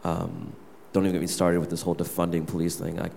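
A man's voice: deep voice, completely flat delivery, quick pace, vocal fry, darkish tone, a little hiss or hum. A young man, a worship leader, candidly telling a personal story to his church gathering. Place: church hall. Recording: reverberant hall.

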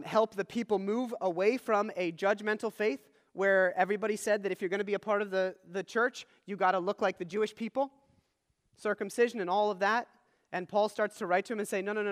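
A man preaching a sermon as pastor, teaching earnestly and checking in with the listeners. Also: sits high. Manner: earnest teaching, frequent "all right?" check-ins. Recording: long hall reverb.

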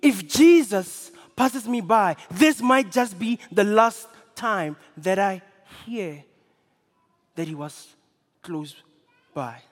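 A man's voice: high voice, animated, slow pace. A man preaching, voicing a desperate blind beggar who is set on seizing his chance, speaking earnestly and drawn out. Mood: determined. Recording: long reverb of a large hall.

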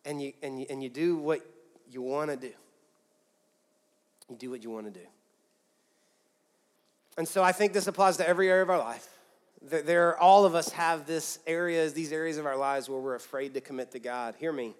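A man preaches to his congregation in a fairly high voice. He pushes key lines up loud and then drops to near-quiet appeals. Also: normal speed, long pauses, smooth. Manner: emphatic preaching with big swings from loud to soft. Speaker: pastor. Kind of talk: sermon. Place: church auditorium with a congregation.

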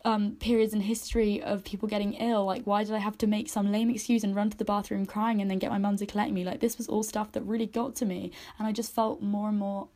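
Woman, twenties, podcast host, candid emotional monologue, mellow warm tone, mid-pitched. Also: level tone, fast, hardly any pauses. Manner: candid, emotional, speaks in run-on spoken sentences with many likes. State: choked up.

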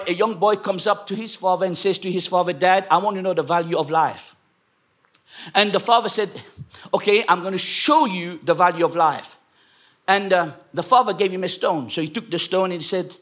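A man from England preaching a sermon to a congregation, telling a story and then shouting exhortations. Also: sits high. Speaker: pastor. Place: church.

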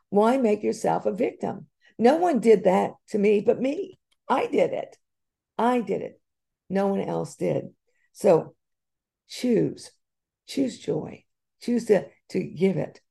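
A woman giving an earnest, encouraging motivational talk, with bursts of excitement. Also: medium pitch, gravelly, breathy edge. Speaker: speaker on personal growth.

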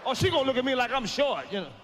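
Brash high-voiced stand-up comedian man. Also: sing-song, very fast, a faint crowd, slight background noise. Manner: brash, profane, shouting punchlines.

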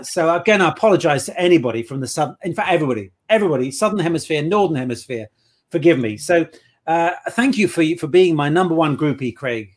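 A man on a casual interview, telling playful anecdotes about his work as an improv performer. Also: fairly high pitch. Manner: chatty anecdotal storyteller, playful.

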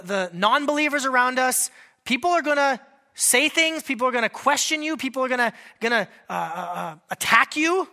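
A male pastor delivers a sermon in a bright, forceful voice. He is animated and conversational, putting direct questions to his listeners and dropping in joking asides. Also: very high voice.

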